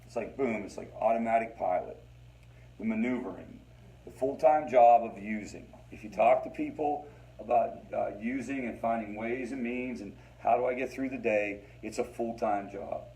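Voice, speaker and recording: A man's voice: fairly low pitch, moderate pace, dark tone, slight background noise, poor audio. Man leading a recovery support group. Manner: conversational, repeats phrases, addresses listeners as guys. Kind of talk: informal teaching talk to a support group.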